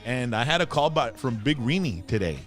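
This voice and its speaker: A man's voice: medium pitch, very animated, fairly quick, soft background music. A middle-aged man, co-hosting a casual chat, joking and switching between English and Spanish. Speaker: co-host.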